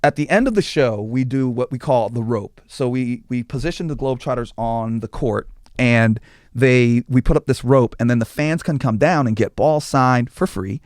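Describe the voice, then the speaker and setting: This male guest, once a tour manager, speaks at a moderate pace in a mid-range voice, recorded cleanly in a studio with no echo. He's an animated storyteller in a casual interview, performing quotes and stammering as he restarts sentences.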